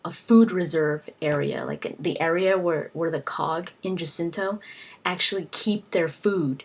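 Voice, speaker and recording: A woman's voice: lowish voice, unhurried. A woman casually summarizing a novel's plot for a video, rambling with many restarts and fillers. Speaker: video book reviewer.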